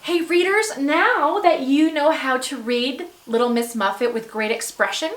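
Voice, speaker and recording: A woman teaching young children to read, her voice high and bright. She speaks slowly and encouragingly, reading aloud with expression. The room around her sounds echoey.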